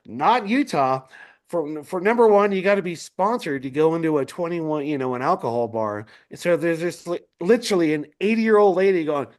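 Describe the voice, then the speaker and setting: A man on a video call telling a rowdy road story, animated and laughing often, swearing freely. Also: fairly high pitch. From Denver area. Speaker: musician guest. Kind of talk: casual storytelling chat.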